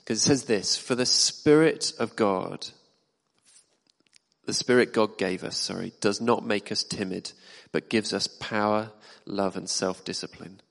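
A man's voice: fairly low pitch, unhurried, gravelly. A man preaching a sermon in a church hall, talking conversationally and asking the congregation questions. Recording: long reverb of a hall.

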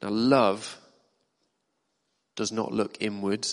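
Man, preacher, low voice, conversational sermon, asks the congregation questions, long reverb, church hall. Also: fairly even intonation, slow.

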